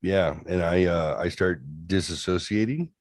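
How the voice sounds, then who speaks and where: A man with a deep, low voice tells stories bluntly, swearing freely and slipping into the voices of people he quotes. The sound is dry and close, with no room around it. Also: measured pace, dry recording. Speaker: co-host. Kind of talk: casual podcast chat.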